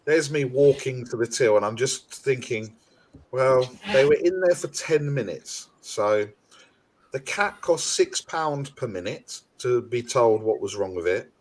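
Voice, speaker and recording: A man, mid-pitched, tells a rambling podcast anecdote. He leans on fillers and acts out the quoted dialogue in his story. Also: unhurried, a little hiss or hum. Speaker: podcast co-host. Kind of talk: casual chat.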